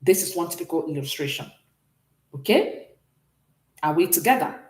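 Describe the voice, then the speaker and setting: Female language teacher, animated delivery in a roomy space, keeps asking if the class is following. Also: fairly low pitch, moderate pace. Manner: explanatory, checks understanding often. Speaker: French teacher. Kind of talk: classroom lesson.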